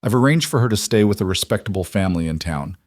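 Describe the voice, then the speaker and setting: A stern frontier sheriff in a western audiobook, firm and official, delivered briskly in a low voice, as a male narrator plays him. The sound is dry and close. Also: lively intonation, darkish tone, dry recording.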